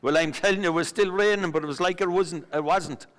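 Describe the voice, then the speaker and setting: A man's voice: high voice, quick pace, fairly bright tone. An actor playing a rambling, superstitious pub storyteller with an Irish accent, stammering as he spins his tales on a theatre stage. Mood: storytelling. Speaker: pub regular telling a story. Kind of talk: filmed stage play acting. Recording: long stage reverb.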